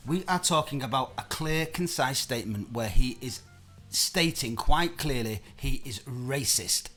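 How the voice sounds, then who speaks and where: A man's voice: medium pitch, lively intonation, measured pace, sharp tone, faint music behind. A man hosting a live-streamed chat show, talking in a heated, emphatic way and swearing often. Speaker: host.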